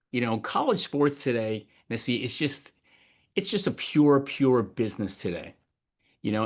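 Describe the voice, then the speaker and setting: A man with a mid-range voice hosts a podcast interview. He talks casually and loosely with plenty of "you know," piling one question on top of another. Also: mid-range voice. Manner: casual, chatty, stacks several questions in a row. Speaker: podcast host.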